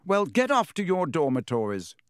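A man's voice: mid-range voice, very animated, a little slow, dry recording, studio quality. A man voicing a stiff, self-important teenage boy prefect in a storybook reading. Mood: pompous.

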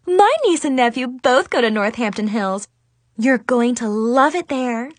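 A woman's voice: on the high side, lively intonation, a little slow, dry recording. A woman voicing a snooty, condescending female store cashier in a story reading. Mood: polite. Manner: sniffy, condescending.

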